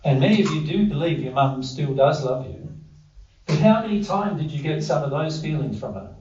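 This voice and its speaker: A man's voice: on the high side, animated, brisk, a little mellow, slight background noise. Man teaching a group in an echoey room. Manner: conversational, quizzes the audience, self-deprecating asides. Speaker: workshop presenter. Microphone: distant room mic. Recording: roomy, distant, dull lo-fi audio.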